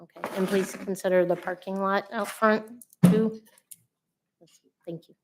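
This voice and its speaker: A woman's voice: medium pitch, steady tone, a little slow, background noise. A woman giving public comment at a city council meeting, earnest and polite, with hesitant fillers. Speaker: resident speaking at public comment. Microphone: podium microphone.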